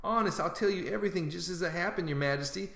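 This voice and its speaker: A man reading a classic novel aloud, narrating in a lively, folksy boy's voice. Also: sits high, quick pace, creaky, echoey room. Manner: animated, folksy narration voicing a boy. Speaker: audiobook reader. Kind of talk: storybook narration.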